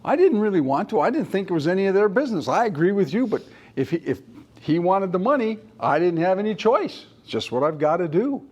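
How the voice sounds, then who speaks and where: Man, mortgage lender, storyteller voice, slightly high, acts out both sides of calls. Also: very animated, brisk, a little mellow, highs cut off. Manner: storytelling with acted-out dialogue. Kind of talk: training talk.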